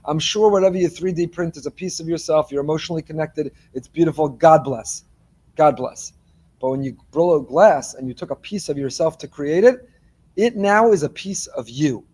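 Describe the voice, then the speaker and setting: A man, a rabbi, giving a morning Torah class with lively delivery and joking asides to his listeners. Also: on the high side, brisk, slightly rough. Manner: animated, joking asides to the congregation.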